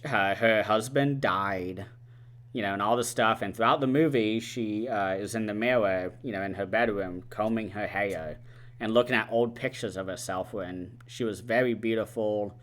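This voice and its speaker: A man giving a casual, rambling spoiler recap of a film, full of "like" and "uh" as he retells scenes. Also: lowish voice. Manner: rambling, animated retelling with many "like" and "uh" fillers. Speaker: movie reviewer.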